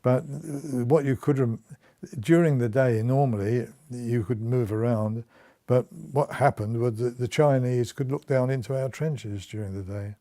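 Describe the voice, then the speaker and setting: A man's voice: medium pitch, a little slow, warm tone. An older man, a war veteran, recounting his service in an oral history interview, laughing at times and restarting his sentences. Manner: storytelling with chuckles and restarts.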